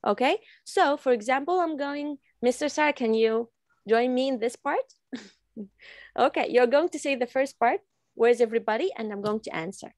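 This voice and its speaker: A woman's voice: high voice, normal speed, a little mellow, no room sound, clean studio sound. A woman from Iran teaching an online English class, repeating phrases patiently for her learners over a video call. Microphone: computer mic on video call.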